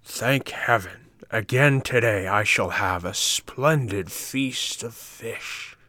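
A man voicing a huge, greedy, green lizard-like ogre fisherman in a storybook reading, drawing out his words slowly as he gloats. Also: mid-range voice, sharp tone, no echo. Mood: gloating, savoring. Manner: slow, drawn-out, gloating and relishing.

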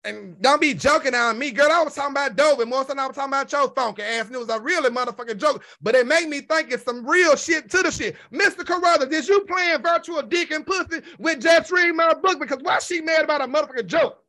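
A man's voice: very high-pitched, fast talker, few pauses, sharp tone. A man hosting an online show, delivering a sassy, profanity-heavy rant full of insults.

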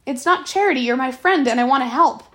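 A woman's voice: high voice, fast, a bit bright. A woman reading aloud and voicing a defiant, cocky teenage orphan boy who talks in a bold, defensive way.

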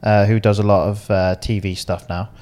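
Male co-host, animated storyteller, casual chat. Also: fairly low pitch. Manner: animated storyteller, quick laughs, acts out quotes. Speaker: podcast co-host and caddie.

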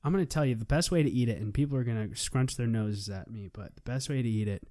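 Guy co-hosting a podcast, chatty and rambly, cracks jokes, mid pitch. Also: quick pace, dark tone. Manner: rambling and jokey, laughs often. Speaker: podcast co-host. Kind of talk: casual chat.

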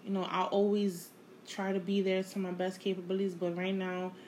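Candid woman musing in a halting monologue. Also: medium pitch, little pitch movement, darkish tone, a little hiss or hum, low-quality recording. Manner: reflective, halting, repeats phrases; emotional, candid, casual swearing. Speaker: podcast host. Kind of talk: unscripted personal monologue.

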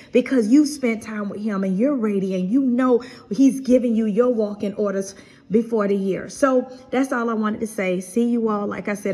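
A woman's voice: a little high, mellow, husky. A middle-aged woman hosting her own podcast, giving an earnest, preacherly devotional talk and often repeating and restarting her phrases. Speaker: podcast host giving encouragement.

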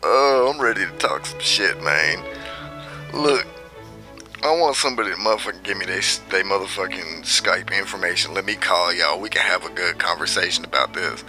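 A man's voice: low-pitched, moderate pace, bright, forceful tone, faint music behind. Brash, profane man ranting. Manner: brash, profane, laughing at his own jabs. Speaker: vlogger. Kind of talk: profane rant commentary.

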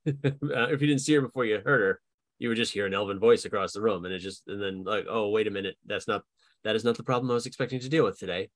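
A man's voice: on the low side, no room sound. A man co-hosting a podcast and serving as dungeon master, chatting animatedly and laughing often as he brainstorms characters. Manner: animated, laughs often, acts out quick bits of dialogue. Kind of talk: casual podcast chat about building game characters.

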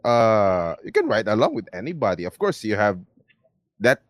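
A man co-hosting a casual sports talk, animated and chuckling as he asks. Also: fairly low pitch, normal speed, no echo, studio quality. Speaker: podcast co-host. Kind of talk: casual interview chat.

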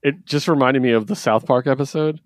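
Excitable man chatting on a podcast. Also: medium pitch, a little fast, no echo, clean studio sound. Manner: excited, laughs often, acts out quotes. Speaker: podcast co-host reviewing comics. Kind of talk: casual chat.

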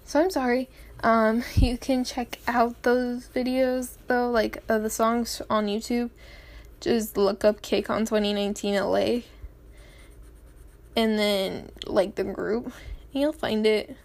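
A woman's voice: fairly high pitch, fairly even intonation, slow, a little mellow. A teenage girl vlogging in a rambling, chatty way, often giggling and apologizing, with a sore, swollen-feeling throat. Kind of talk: casual chat.

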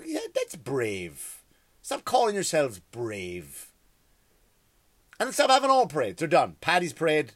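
A man's voice: mid-range voice, sing-song, unhurried, no echo. A man, a stand-up comedian, delivering a profane, exasperated comedy rant. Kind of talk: ranting comedy monologue.

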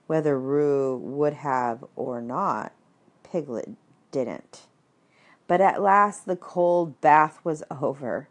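A woman reading a children's story aloud, unhurried, with asides to the listener. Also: deep voice.

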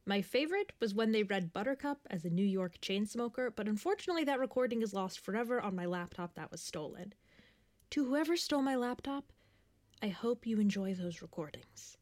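A woman's voice: medium pitch, animated, fairly quick, a little mellow. Wry woman narrating a clip intro. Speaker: show creator and narrator. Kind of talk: scripted narration.

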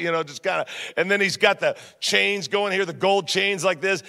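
A high-pitched man with a gravelly, bright edge preaches a sermon full of humorous stories. He talks straight to the congregation with lively back-and-forth. His voice carries the long reverb of a large church auditorium. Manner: animated, jokey, talks straight to the crowd. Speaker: pastor.

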